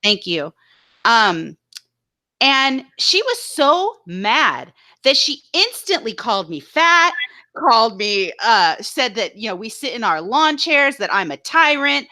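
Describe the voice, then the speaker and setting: Bright-voiced indignant woman co-host. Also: fairly high pitch, slow pace. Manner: animated, indignant storytelling with mocking impressions. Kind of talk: casual live-stream chat.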